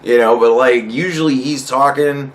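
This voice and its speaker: A man's voice: mid-range voice, normal speed. A man hosting a podcast in a casual, rambling comedic monologue, swearing freely and laughing often. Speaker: podcast host.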